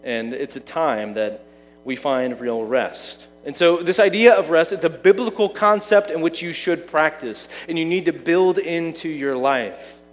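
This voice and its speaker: Male preacher, slightly higher voice, casual sermon delivery with rhetorical questions, reverberant space. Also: unhurried, slight background noise. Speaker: pastor.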